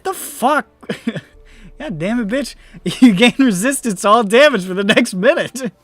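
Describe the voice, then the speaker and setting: A man's voice: extremely high pitch, lively intonation, unhurried, fairly bright tone. A man running a tabletop game as game master, laughing often and swearing as he narrates.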